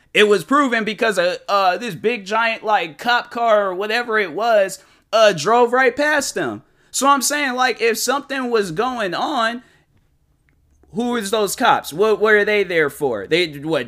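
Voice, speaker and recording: A man's voice: high-pitched, sharp tone. A man hosting a solo podcast, arguing his opinion in casual, slangy, emphatic and repetitive speech. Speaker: podcast host.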